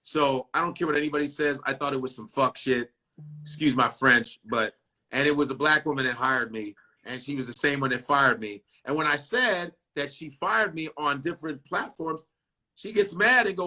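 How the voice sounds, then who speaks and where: Blunt, bright-voiced comedian. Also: male voice, fairly high pitch, normal speed. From Chicago. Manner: blunt, profane, animated storytelling that acts out other people's lines. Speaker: comedian guest. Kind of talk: casual interview chat.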